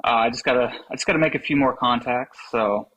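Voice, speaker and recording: A man's voice: mid-range voice, fast, a bit bright, muffled recording, a little hiss or hum. A man chatting as a podcast guest, telling rambling stories and laughing often. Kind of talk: casual chat.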